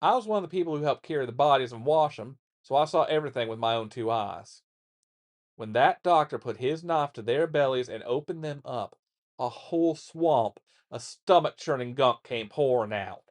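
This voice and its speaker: A man voicing a gruff old war veteran father who lectures his son in a blunt, coarse, folksy way. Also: mid-range voice, expressive, moderate pace, natural voice. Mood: grim. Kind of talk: reading a letter aloud in character.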